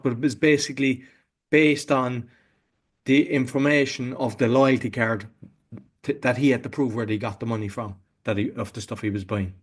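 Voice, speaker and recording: Male podcast host with a mid-pitched voice, chatting casually with a guest. He retells things haltingly, with hesitations and restarts along the way.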